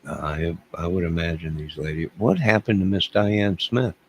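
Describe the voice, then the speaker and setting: A man's voice: low-pitched, fairly even intonation, moderate pace, slight background noise, poor audio. A man hosting a casual livestream, rambling and self-deprecating as he chuckles and answers viewers' chat. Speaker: livestream host.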